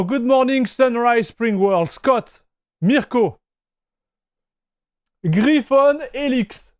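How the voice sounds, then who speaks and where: Male streamer, casual chat host; raised pitch, close dry mic. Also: a little mellow, dry recording. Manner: chatty, greets viewers, reads chat aloud; frequent restarts and fillers.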